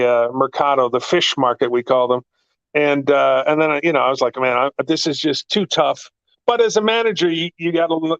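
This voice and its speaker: A man telling wrestling stories in a casual chat, excitable and rambling, his pitch jumping up in the story. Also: smooth, no echo, highs cut off. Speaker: guest, actor and former wrestling manager.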